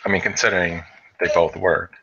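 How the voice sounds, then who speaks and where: A man's voice: low-pitched, brisk, vocal fry, husky. A man from the area, chatting casually on a stream and rambling with many fillers and restarts. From Chicago area, US. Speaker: stream co-host. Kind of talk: casual chat. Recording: dull lo-fi with steady noise.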